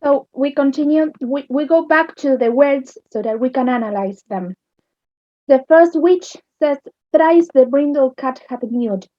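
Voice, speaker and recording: A woman with an Argentine accent teaching English literature, explaining slowly and checking understanding with "yes?". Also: sits high, dry recording. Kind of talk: recorded online lesson. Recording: dull lo-fi sound.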